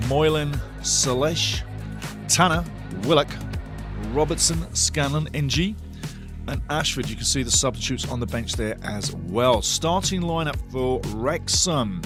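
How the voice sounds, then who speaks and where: A man hosting a live football watch-along stream, chatty and excitable as he greets his chat and reads out the lineups. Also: fairly high pitch, unhurried, over music. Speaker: watch-along show host.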